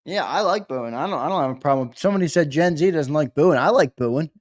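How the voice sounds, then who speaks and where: A man co-hosting a sports talk show, speaking in a relaxed, blunt way with the occasional curse. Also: a little high, fast talker, no room sound, studio quality. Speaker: co-host.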